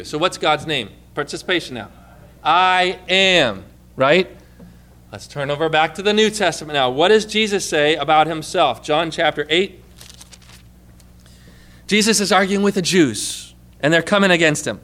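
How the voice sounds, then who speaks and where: Male preacher, high and bright, teaching a sermon with call-and-response questions. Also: animated, moderate pace. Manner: asks the congregation questions and prompts answers; reads scripture aloud with emphatic stress.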